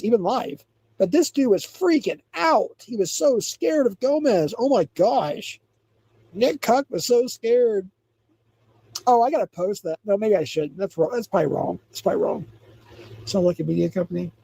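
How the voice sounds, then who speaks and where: A man's voice: sits high, creaky, warm tone, slightly rough, dry recording. A man hosting a livestream, chatting casually, rambling, reading chat aloud and laughing often. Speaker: livestream host.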